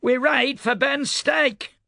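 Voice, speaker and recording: A woman's voice: high-pitched, steady tone, takes it slowly, bright, forceful tone, dry recording, clean studio sound, voice pushed up, full character voice. A man voicing a blunt, nearly ninety-year-old woman cavalry rider with a frontier twang, in an audiobook. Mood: defiant. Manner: frontier twang, gruff and defiant.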